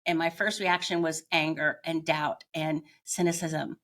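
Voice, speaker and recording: An older woman speaks in a slightly low voice as a guest on an interview. She tells her personal story in a candid, reflective way and often pauses to search for the right words. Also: level tone, fairly bright tone. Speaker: guest, yoga teacher.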